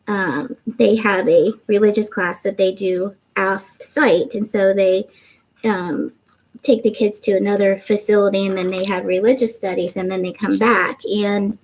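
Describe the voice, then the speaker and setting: A woman's voice: mid-range voice, low-quality recording. A middle-aged woman hosting a craft livestream, chatting casually and reading out viewers' comments. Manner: chatty, warm, reads viewer comments aloud.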